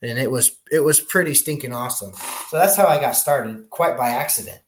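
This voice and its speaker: A man being interviewed as a helicopter pilot, telling his career story in a lively way and often restarting his sentences. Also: mid-range voice, fairly quick, slight background noise. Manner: animated storyteller, many restarts. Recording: roomy echo.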